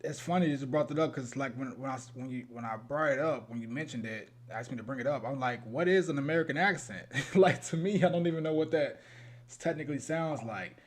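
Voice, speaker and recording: A man's voice: mid-range voice, quick pace. A man from Chicago with a Chicago accent, co-hosting a podcast in casual chat, rambling and laughing with many restarts. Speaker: podcast co-host.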